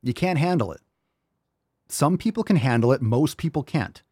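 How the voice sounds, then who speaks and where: A man's voice: mid-range voice, lively intonation, moderate pace, a little mellow, husky, dry recording, clean studio sound. A man hosting a fitness podcast, ranting bluntly and preachily with plenty of swearing. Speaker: podcast host. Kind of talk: opinionated fitness podcast rant.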